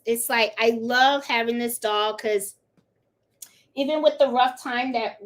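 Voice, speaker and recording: A middle-aged woman hosting a live crafting stream, chatting in a rambling, casual way and cooing to her dog now and then. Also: fairly high pitch. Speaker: livestream host of a crafting channel.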